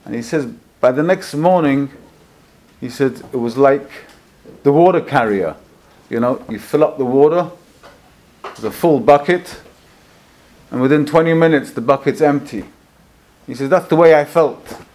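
A man's voice: medium pitch, measured pace, pauses often. Emotive male preacher telling a story. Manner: emotive storyteller, swings between hushed and loud. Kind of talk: storytelling sermon.

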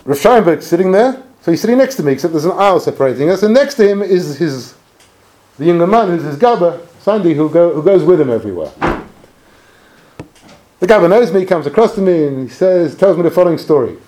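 A man telling a personal anecdote in an animated, expressive way. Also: fairly quick. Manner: animated, expressive storytelling with swings in pitch. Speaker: speaker telling a personal story. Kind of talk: anecdotal storytelling talk.

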